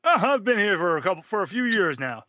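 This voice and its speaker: A man voicing an excitable, scruffy lone survivor of a cult, loud and gushing. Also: high voice, fast, noisy background, voice pushed up. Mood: excited. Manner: loud, gushing, bursting with surprise.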